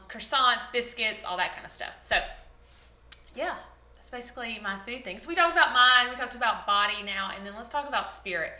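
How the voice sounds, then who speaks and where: A woman's voice: fairly high pitch, pushed and bright, roomy sound. A woman, chatting casually in a rambling, bubbly vlog style. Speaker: vlogger, former teacher.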